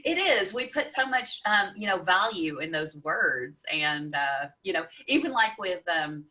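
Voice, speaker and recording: A woman's voice: lowish voice, sing-song, a little slow, pushed and bright, a little hiss or hum. A woman hosting a casual podcast interview, chatty and encouraging toward her guest. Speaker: podcast host.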